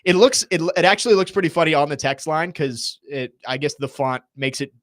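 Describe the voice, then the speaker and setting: A man's voice: fairly high pitch, fairly quick, fairly bright tone, no room sound, studio quality. A young man hosting sports talk radio, reading listener texts aloud in an easygoing way and chuckling as he goes. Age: young adult.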